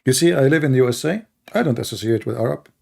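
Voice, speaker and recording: Gravelly man. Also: mid-range voice, lively intonation, fast talker, darkish tone. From Middle East. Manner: emphatic, repetitive, storytelling. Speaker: online commentator. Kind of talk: casual monologue.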